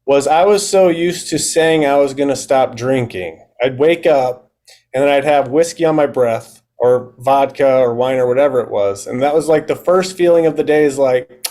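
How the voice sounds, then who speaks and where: A man's voice: mid-range voice, moderate pace, a little mellow. A man in his thirties, a podcast guest and fitness coach, telling his story in a candid, casual way and acting out his own past thoughts.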